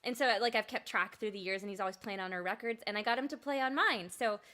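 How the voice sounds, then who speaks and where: A woman's voice: mid-range voice, fast, pushed and bright. A woman singer-songwriter hosting an online concert. She chats casually between songs, laughs often, rambles and swears lightly.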